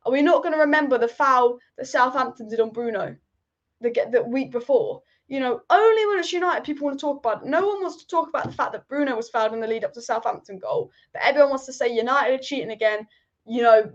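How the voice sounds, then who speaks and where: A woman's voice: high voice, lo-fi sound. A woman hosting a live football chat stream, reading viewer comments and giving strong, rambling opinions that she repeats for emphasis. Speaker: football channel host.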